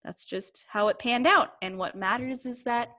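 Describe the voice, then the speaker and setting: A woman's voice: fairly high pitch, normal speed, bright, forceful tone, rough recording. A woman in casual chat, talking in a rambling way full of fillers and little laughs. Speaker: guest.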